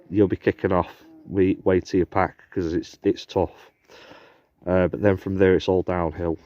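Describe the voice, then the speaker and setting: A man's voice: sits low, a little mellow, dull audio. A man, chatting casually and rambling as he vlogs his hike outdoors on a handheld camera. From England. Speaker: hiker vlogger. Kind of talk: casual outdoor vlog narration. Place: outdoors on a hiking trail and campsite.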